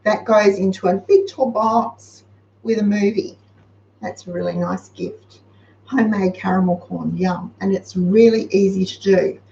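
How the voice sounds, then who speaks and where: A woman's voice: medium pitch, steady tone, unhurried, gravelly, dark tone, recorded from a distance. An Australian woman hosting a show, chatting casually and giving practical, homely advice. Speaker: host. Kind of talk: casual live-show chat. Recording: roomy, slightly dull sound with faint noise.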